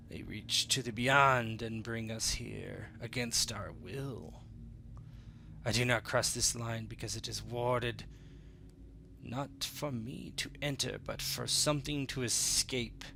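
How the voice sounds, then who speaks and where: A man voicing a male-voiced otherworldly spirit who has possessed a young woman. The spirit talks in a guttural, slow, quiet and aloof way. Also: mid-range voice, creaky, a little hiss or hum, heavily acted.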